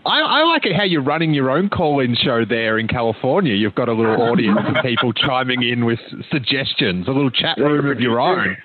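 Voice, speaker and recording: A man's voice: mid-range voice, expressive, a little fast, hardly any pauses. A man hosting a casual interview chat, playful and teasing his guest. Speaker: host. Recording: tinny phone-like line with faint hiss.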